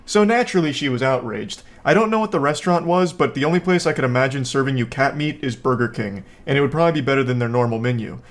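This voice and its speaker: A man hosting a comedic commentary on a viral video, talking in a sarcastic, deadpan way. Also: mid-range voice, fast talker, hardly any pauses.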